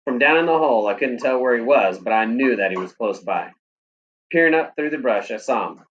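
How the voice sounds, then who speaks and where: A man, a teacher, reading a novel aloud in a steady, plain storytelling manner. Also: medium pitch, fairly quick, highs cut off, slight background noise.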